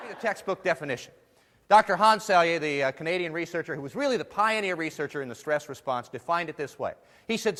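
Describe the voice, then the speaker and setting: A man's voice: high-pitched, lively intonation, a little fast, fairly bright tone. A man giving a humorous keynote talk to a live audience, playful and jokey, putting questions to the crowd. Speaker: motivational speaker. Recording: long hall reverb.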